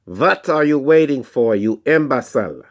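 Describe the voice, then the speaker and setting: A man voicing a hideous, scheming male mad-scientist villain in a put-on thick German accent, loud and mocking. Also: mid-range voice, animated, moderate pace, voice pushed up, lightly acted. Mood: menacing.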